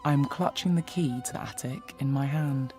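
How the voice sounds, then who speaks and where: An actress playing the sly, scornful ghost of a maid, with a Cockney accent, in an audio drama. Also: female voice, a bass voice, normal speed, dark tone, faint music behind. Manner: cheeky, scornful, chatty.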